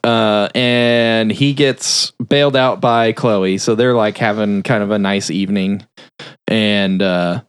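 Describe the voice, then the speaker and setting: A man's voice: on the low side, slow pace, smooth, no room sound. A man on a podcast casually retelling a film's plot, swearing freely and rambling with lots of filler words. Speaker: podcast host. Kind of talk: casual film recap.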